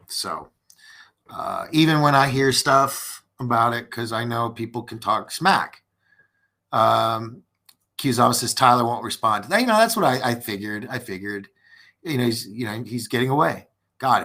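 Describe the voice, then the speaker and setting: A man hosting a live-streamed podcast, talking loosely and earnestly to his viewers. His voice has a gravelly edge and a bright, forward tone. He rambles, restarts his sentences and fills the gaps with "you know" and "um". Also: mid-range voice. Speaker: podcast host. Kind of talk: casual live-stream chat reading viewer comments.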